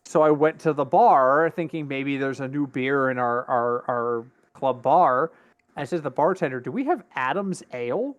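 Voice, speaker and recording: A middle-aged man co-hosting a casual podcast, telling a long story in a chatty, animated way. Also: medium pitch, normal speed, smooth, lo-fi sound. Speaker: podcast co-host. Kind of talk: casual chat.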